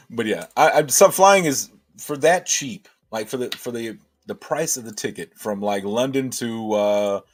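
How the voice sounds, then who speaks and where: Laid-back low-voiced man rambling on a livestream. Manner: rambling, thinking aloud with many restarts. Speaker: livestream host answering chat. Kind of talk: casual livestream chat.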